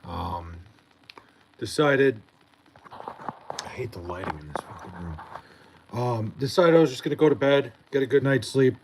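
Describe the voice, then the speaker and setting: A man's voice: medium pitch, expressive, unhurried, long pauses, a little hiss or hum, rough recording. A tired young man livestreaming from his bedroom late at night, swearing and rambling about something that annoyed him. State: tired, just woken up.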